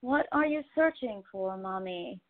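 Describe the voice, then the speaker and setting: A woman giving voice to a pet cat that speaks to its owner in a gentle, repetitive, pleading way, as a channeled message over a phone-like line. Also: medium pitch, expressive, unhurried, voice pushed up, lightly acted.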